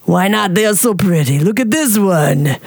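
A woman's voice: mid-range voice, lively intonation, creaky, a little mellow, slightly rough, no room sound, faint music behind. Figure: a woman doing a smitten old man with a fake Russian accent. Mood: wistful. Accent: put-on Russian. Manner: halting, earnest broken English. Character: older male tattoo fan, shy and smitten.

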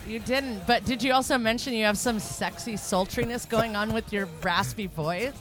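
A woman co-hosting a podcast throws out teasing, flirty jokes in casual chat. Music plays clearly in the background. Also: fairly high pitch, normal speed, fairly bright tone. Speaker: podcast co-host.

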